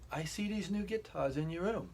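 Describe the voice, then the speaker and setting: A man's voice: on the high side, animated, moderate pace, a little mellow, voice pushed up. Give me a man putting on a suspicious English wife. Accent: put-on English. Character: suspicious English wife, teasing, calls him darling.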